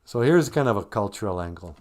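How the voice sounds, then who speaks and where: A man's voice: lowish voice, expressive, fast talker, darkish tone. Rambling joking man on a live stream. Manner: joking, wandering, laughs at his own jokes. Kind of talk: rambling comedic monologue.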